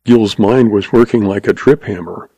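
A man narrating a western audiobook in a steady storytelling voice. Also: fairly low pitch, moderate pace, breathy edge, dry recording, poor audio.

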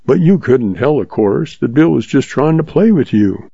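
A man voicing a smooth-talking young cowboy with an earnest, folksy drawl, read from a storybook. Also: mid-range voice, lively intonation, normal speed, dark tone, dry recording, highs cut off.

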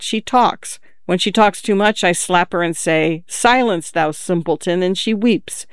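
A man's voice: high-pitched, smooth, dry recording, studio quality, lightly acted. A man voicing a swaggering young man who talks in grand, flowery speeches, read as part of a story. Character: swaggering boastful young man, florid talker.

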